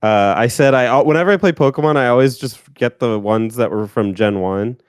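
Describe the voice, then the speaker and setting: A man's voice: mid-range voice, fairly quick, clear, resonant tone, no room sound, studio quality. A man co-hosting a casual gaming podcast, rambling and restarting his sentences. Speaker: podcast co-host. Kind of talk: casual chat.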